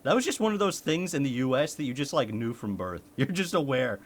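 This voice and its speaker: A man's voice: mid-range voice, big pitch swings, brisk. A young man from the United States, a streamer chatting casually with his chat, laughing often and swearing.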